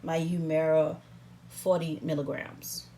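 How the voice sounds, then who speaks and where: A woman's voice: low-pitched, level tone, a little slow, mellow, slight background noise. A woman talking through a how-to vlog in a playful, sassy, chatty way, recording herself at home on a camera stand. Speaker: vlogger.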